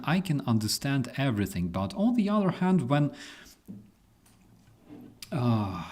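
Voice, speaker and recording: A man's voice: mid-range voice, a little mellow. A man hosting a live news commentary, ranting and swearing, with many fillers. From Ukraine. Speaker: host.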